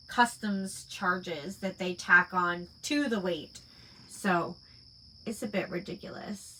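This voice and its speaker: Woman host, casual late-night chat, unhurried delivery, filler-heavy rambling. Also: mid-range voice, bright, forceful tone, slight background noise, low-quality recording. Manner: rambling, full of "like" and "um". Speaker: online shop owner hosting a live chat stream.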